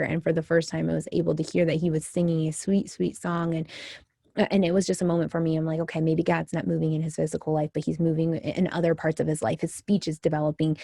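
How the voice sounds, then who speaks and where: A woman's voice: low-pitched, creaky, warm tone, no echo, clean studio sound. A young mother telling her own story candidly and emotionally, with many fillers and restarts. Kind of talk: candid personal storytelling to camera.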